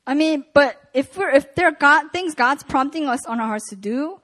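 A woman preaching at a prayer meeting, reading scripture and retelling it in a casual, animated way. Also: high-pitched, moderate pace.

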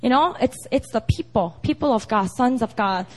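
A young woman preaches in a relaxed, chatty way, often asking her listeners if they follow. Her voice sits high and swings widely in pitch. She sounds conversational rather than formal. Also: normal speed. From South Korea. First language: Korean. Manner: chatty, with frequent "you know" and "right?". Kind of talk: casual, animated sermon.

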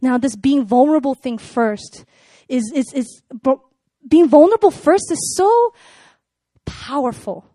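A young woman speaking to a live audience in a casual sermon style, chatty and animated, with lots of "like" and "you know.". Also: high voice, measured pace, no room sound, clean studio sound. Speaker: speaker at a church gathering.

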